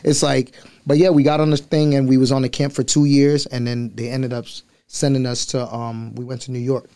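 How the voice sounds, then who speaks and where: A man in his thirties from Liberia with an American accent, telling stories as a guest in a casual, slangy, animated chat. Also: medium pitch, brisk, clear, resonant tone. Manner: animated, slangy, mimics voices. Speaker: podcast guest.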